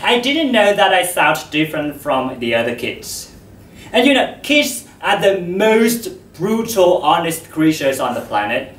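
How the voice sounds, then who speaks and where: Slow, expressive man giving a talk. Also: sits high, a little hiss or hum. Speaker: speaker on voice. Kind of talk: public talk to an audience. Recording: echoey hall, distant mic.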